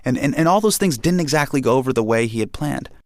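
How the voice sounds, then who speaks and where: A man telling a personal story in an interview, animated and acting out quotes and sound effects. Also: medium pitch, quick pace, dry recording, studio quality. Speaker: guest storyteller.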